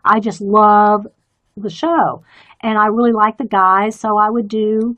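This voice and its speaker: A woman's voice: medium pitch, fairly even intonation, a little slow, fairly bright tone, highs cut off. A woman chatting in a rambling, easygoing way and laughing often while she colors on a live stream. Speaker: artist streaming a coloring demo. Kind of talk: casual chat while drawing.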